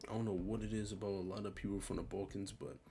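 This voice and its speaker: A young man with a low, gravelly voice full of vocal fry talks through a tier list. His commentary is casual, slangy and rambling. Soft music plays faintly underneath. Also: level tone, fast.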